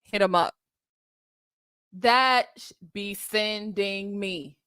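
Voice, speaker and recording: A woman hosting a casual live stream, greeting viewers by name and chatting in an animated way, often laughing. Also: mid-range voice, drawn-out words, smooth, no room sound.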